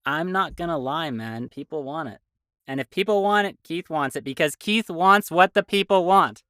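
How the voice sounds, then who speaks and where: A man's voice: fairly high pitch, moderate pace, fairly bright tone, clean tone, no echo, clean studio sound. A man hosting a podcast, chatting and joking casually with his guests. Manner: jokey, chatty. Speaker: podcast host.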